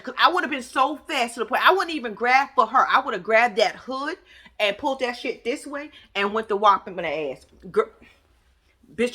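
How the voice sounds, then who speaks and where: Bright-voiced woman in a profane vlog rant. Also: a little high. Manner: animated, profane, trash-talking. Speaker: vlogger recapping a reality show. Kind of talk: casual commentary vlog.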